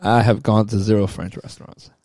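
A man's voice: fairly low pitch, level tone, a little fast, a little mellow, dry recording, clean studio sound. A man co-hosting a podcast, talking bluntly and teasingly in casual chat and swearing a lot. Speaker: podcast co-host.

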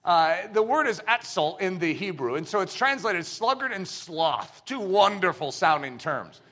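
A man preaching in a church with a high, bright voice that leaps all over the place. He is animated and throws himself into the voices he quotes, pushing hard on his main points. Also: a little slow. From United States. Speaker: pastor. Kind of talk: sermon.

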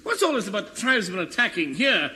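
A man's voice: high-pitched, big pitch swings, a little fast, bright, forceful tone, full character voice. A squawky bumbling Welshman. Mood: flustered. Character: bumbling earnest Welsh gentleman. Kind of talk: 1950s radio comedy acting. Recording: hissy old radio broadcast recording.

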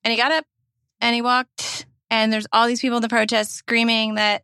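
A woman's voice: a little high, fairly even intonation, moderate pace, gravelly, pushed and bright, smooth, no echo, studio quality. A woman with a Southern US accent, co-hosting a podcast in casual chat, emphatic and impassioned, swearing freely. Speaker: podcast co-host.

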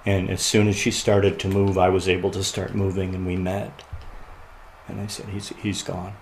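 A man sharing a personal story as a podcast guest, earnest and often quiet and halting, laughing at the lighter moments. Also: low voice, flat delivery, a little hiss or hum, rough recording.

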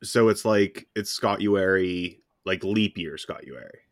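A man's voice: low-pitched, moderate pace, no echo, studio quality. A man co-hosting a music podcast, chatting casually with wry, self-deprecating humour. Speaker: podcast co-host. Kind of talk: casual chat about music.

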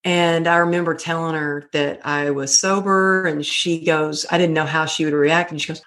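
A middle-aged woman speaks in a slightly low voice. She talks earnestly and tells her story with animation, like a guest in a casual podcast conversation. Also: moderate pace, few pauses, a bit bright.

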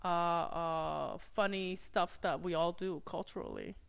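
A woman's voice: on the low side, a little slow, creaky, clean tone. A woman guest on a podcast, talking casually with lots of fillers and hesitations. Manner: chatty, hesitant with many fillers. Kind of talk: casual chat.

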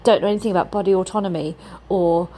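A woman's voice: fairly low pitch, fairly even intonation, fast talker, warm tone. A woman, talking casually to camera as she walks through city streets, chatty and blunt with plenty of swearing. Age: 40s. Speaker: travel vlogger. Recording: phone audio with traffic noise. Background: street traffic.

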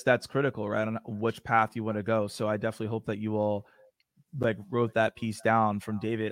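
A man on a panel, talking in a relaxed, conversational way and explaining step by step. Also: lowish voice, no echo. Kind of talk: casual panel discussion.

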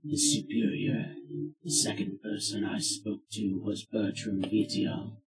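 A man voicing a disembodied ancient male deity who speaks through a ring, slow and measured. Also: on the low side, flat delivery, reverberant, faint music behind, lightly acted, low-quality recording. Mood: solemn.

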